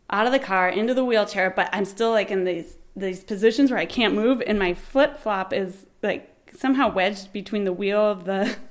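Animated woman telling a birth story. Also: medium pitch. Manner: animated, laughing, acts out shouted quotes.

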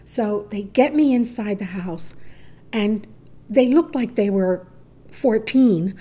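A woman's voice: mid-range voice, animated, slow, warm tone, husky. A middle-aged woman telling a personal story, acting out quoted voices and dropping to near whispers. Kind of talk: personal story told to a listener.

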